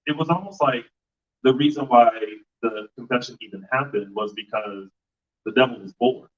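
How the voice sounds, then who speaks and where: Male host, casual interview, halting with fillers, far from the mic, muffled sound. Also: medium pitch, slight background noise. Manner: halting, full of "you know" fillers. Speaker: podcast host interviewing guests. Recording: muffled live stream audio, distant mic.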